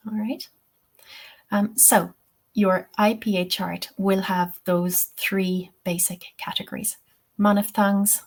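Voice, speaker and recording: A young woman with an Irish accent teaching a webinar lesson, explaining step by step and often checking in with "okay?". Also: mid-range voice. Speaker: TEFL teacher.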